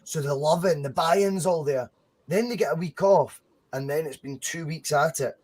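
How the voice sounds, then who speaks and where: A Scottish man co-hosts a casual football podcast with a slightly raised voice. He talks in long, animated runs and swears freely as he goes. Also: fairly high pitch, normal speed. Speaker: podcast co-host.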